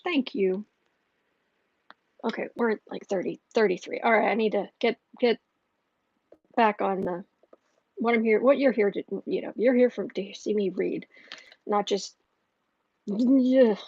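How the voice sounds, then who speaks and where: A woman hosting a casual livestream and reading viewer comments aloud, chatty and quick to laugh. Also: medium pitch, darkish tone, breathy edge, no room sound, muffled recording. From northern United States. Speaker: tarot reader and channel host.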